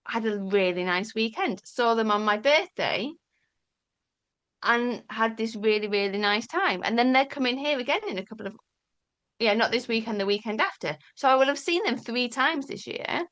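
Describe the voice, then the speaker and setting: A woman talking candidly as an interview guest, animated and storytelling, casually swearing and acting out quoted dialogue. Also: on the high side, normal speed. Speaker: podcast guest.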